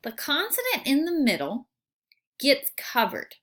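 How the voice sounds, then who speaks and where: A woman teacher giving a recorded phonics lesson for children, sounding out words slowly and asking the class questions. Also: high-pitched, huge pitch swings, a bit bright.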